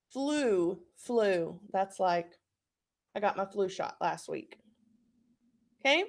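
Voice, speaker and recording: Slow-talking woman teaching phonics, gravelly. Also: medium pitch. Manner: slow, patient, encouraging. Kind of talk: phonics lesson for young children.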